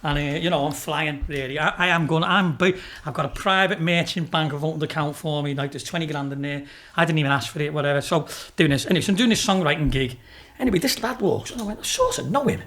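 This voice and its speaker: Chatty high-voiced man telling stories. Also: fast, fairly bright tone. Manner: swears freely, laughs through his stories. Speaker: racehorse owner and businessman, podcast guest. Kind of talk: casual storytelling interview.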